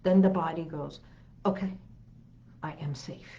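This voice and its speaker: Low slow woman talking listeners down, repeats calming lines, kinda dull lo-fi sound. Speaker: hypnotherapist host. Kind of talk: guided calming talk.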